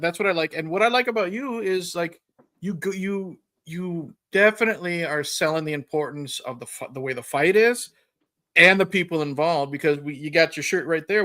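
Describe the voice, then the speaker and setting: A man's voice: a little high, moderate pace, bright, forceful tone. A man hosting an interview, chatty and rambling, with lots of fillers. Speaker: podcast host. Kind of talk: casual interview chat.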